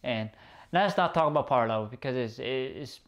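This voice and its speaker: A man giving a casual, excitable episode review, swearing often and rambling through restarts. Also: medium pitch, brisk. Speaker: video reviewer.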